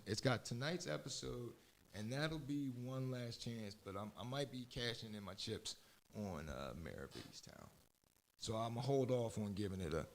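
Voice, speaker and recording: A man's voice: medium pitch, creaky, slight background noise. A man with a Philadelphia-area accent hosts a casual talk radio show, chatting in a loose, rambling way. He keeps stopping to correct himself mid-sentence, and his voice sits in an ordinary middle range. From southeastern Pennsylvania.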